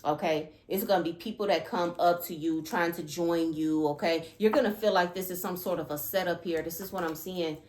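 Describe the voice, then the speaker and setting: Woman, tarot reader, lowish voice, emphatic, repeats herself, roomy echo, faint background noise. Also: steady tone, brisk, hardly any pauses, a little mellow. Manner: emphatic and repetitive, constantly checking in with "okay?" and "all right?". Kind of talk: casual tarot reading to camera.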